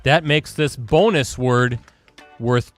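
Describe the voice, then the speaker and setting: A man's voice: medium pitch, slow, soft background music. A man from Wisconsin hosting a live virtual sports show. He runs a quiz game with upbeat energy, keeps things moving and talks over a video call. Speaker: host.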